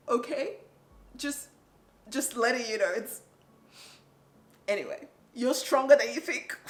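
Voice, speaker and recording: A woman from Nigeria in her thirties, telling a candid, animated personal story in a vlog, laughing and swearing freely. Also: fairly high pitch, roomy sound. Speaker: vlogger.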